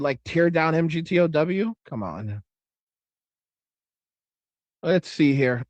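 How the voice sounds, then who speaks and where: A middle-aged man with a high-pitched voice hosts a loose livestream, swearing freely and circling back over his own phrases. He reads viewer comments aloud in a casual, rambling way. The sound is dry and close, with no room around it. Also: expressive, measured pace, darkish tone, dry recording, lo-fi sound. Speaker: livestream host reading chat. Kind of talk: casual profane livestream chat.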